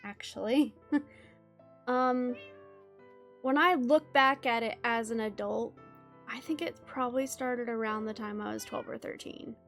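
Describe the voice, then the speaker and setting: A woman co-hosting a podcast, speaking in an animated, emphatic way in candid casual chat. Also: a little high, a little slow, long pauses, faint music behind. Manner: animated and emphatic, laughs easily. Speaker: podcast co-host.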